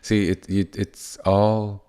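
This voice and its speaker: A man giving soft-spoken, unhurried spiritual teaching, often restarting his sentences. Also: lowish voice, level tone, smooth.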